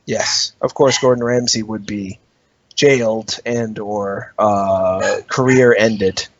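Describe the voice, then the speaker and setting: A man's voice: fairly low pitch, steady tone, slow, dry recording. A man in casual podcast chat, dry and amused. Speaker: podcast co-host. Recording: dry, dull lo-fi audio.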